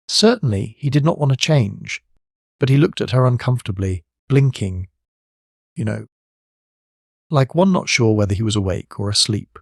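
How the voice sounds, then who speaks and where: A man narrating a classic children's fantasy audiobook in measured storytelling. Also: mid-range voice, animated, gravelly, no echo, studio quality. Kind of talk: scripted narration.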